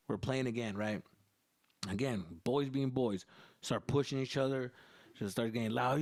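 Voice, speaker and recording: A young man hosting a podcast, telling a comedic story in a profane, animated, loose way. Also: mid-range voice, brisk, dry recording, studio quality. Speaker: podcast host.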